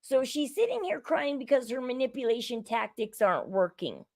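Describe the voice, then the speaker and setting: A woman's voice: on the high side, very animated, normal speed, darkish tone, dry recording. A woman hosting her own show, giving indignant, opinionated commentary on a reality show and repeating herself as she builds each point. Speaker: show host.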